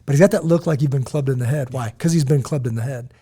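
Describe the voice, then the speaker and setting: Man, 40s, podcast co-host, warm mellow tone, loose conversational storyteller. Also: mid-range voice, quick pace, husky. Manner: animated, rambling storyteller with frequent "right?".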